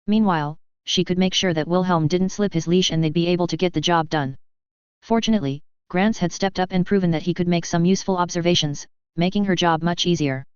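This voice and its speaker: A narrator reading a fan fiction story aloud in a steady, even storytelling voice. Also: medium pitch, fairly quick, clear, resonant tone, no echo. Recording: dry, slightly dull lo-fi recording.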